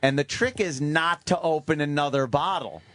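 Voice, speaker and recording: A man's voice: on the high side, normal speed, a bit bright. A man hosting a radio show in casual chat, wry and profane, joking about himself. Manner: profane, wry, self-mocking.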